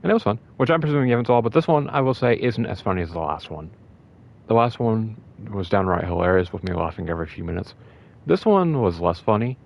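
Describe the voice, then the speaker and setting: A man with a lowish voice chatting about games in a rambling, excitable way, tripping over his words and laughing often. The recording is dull and lo-fi, as if from a cheap mic. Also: fast, vocal fry. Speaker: podcast co-host. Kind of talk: casual gaming chat.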